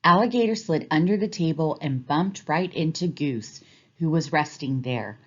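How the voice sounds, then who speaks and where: A woman teacher reading a children's storybook aloud with expressive, clear storytelling. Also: low-pitched, moderate pace, dull audio.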